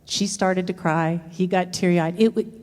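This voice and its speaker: Middle-aged woman, relationship counselor, workshop talk, lowish voice, long hall echo. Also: fairly even intonation, unhurried, darkish tone. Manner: explanatory, acts out quoted dialogue. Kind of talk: workshop presentation. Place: lecture room.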